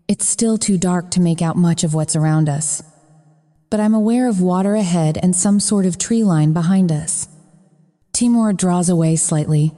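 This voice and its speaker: A woman's voice: lowish voice, dark tone, in a large hall. A woman narrating a romance audiobook in the first person, in an intimate, breathless telling.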